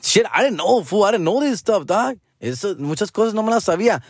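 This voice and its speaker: A man's voice: high voice, lively intonation, quick pace, slightly rough, no room sound, studio quality. A middle-aged man, talking in a casual, profane, rambling monologue that slips into Spanish. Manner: slangy, profane, bilingual Spanish code-switching; drawling, rambling. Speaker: podcast host.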